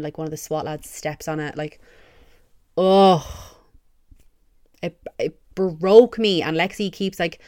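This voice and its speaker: A young woman hosting a podcast, gushing excitedly and swearing a lot in a casual fan review. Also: low voice, dry recording, studio quality. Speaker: podcast host.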